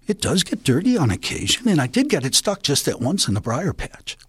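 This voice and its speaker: A man voicing a naive male rabbit in a folk tale, with a high, fretful, squeaky voice. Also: very animated, fairly quick, a bit bright, husky, dry recording, clean studio sound, full character voice. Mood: unsure.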